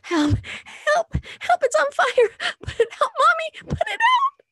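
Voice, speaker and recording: A woman's voice: extremely high pitch, huge pitch swings, measured pace, bright, forceful tone, no room sound, voice pushed up, heavily acted. A woman voicing a frightened little girl who screams in a nightmare about a fire. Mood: panicked screaming. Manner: screaming, panicked.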